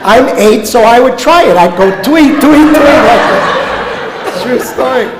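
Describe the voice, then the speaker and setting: A guest speaker from Omaha, United States, a professor of Jewish education, gives a sermon-style talk in a synagogue sanctuary, animatedly telling comic stories that land on punchlines. His voice is very high-pitched and slow, and the recording is very noisy, with the long reverb of an echoey hall.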